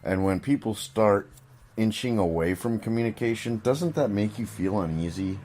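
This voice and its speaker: A man's voice: lowish voice, lively intonation, normal speed, a little mellow. A man co-hosting a casual recovery podcast, laid-back and agreeable, trailing off with fillers. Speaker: podcast co-host. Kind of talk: casual chat.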